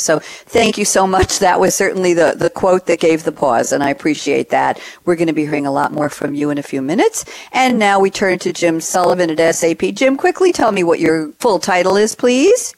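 A woman's voice: lowish voice, lively intonation, fairly quick, hardly any pauses, darkish tone, no room sound. A woman hosting a radio interview show, chatty, reading out quotes and introducing guests. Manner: chatty, reads quotes aloud.

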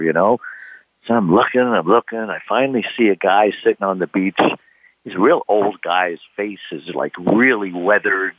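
A man's voice: on the low side, no echo. Older man telling a story over a tinny phone. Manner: rambling, with many "you know" fillers, acts out quoted voices. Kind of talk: casual storytelling. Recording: tinny phone line, dry.

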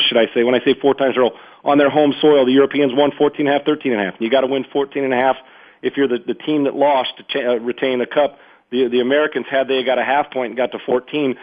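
A man hosting sports talk radio, rambling and emphatic, often repeating himself as he riffs. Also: medium pitch. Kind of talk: unscripted sports radio commentary. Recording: phone-like narrow band radio audio.

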